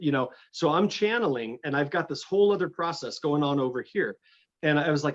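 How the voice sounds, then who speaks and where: A middle-aged man telling a personal story as a guest in an interview, animated and full of restarts. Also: a little high, moderate pace, muffled recording. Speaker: guest, energy healer.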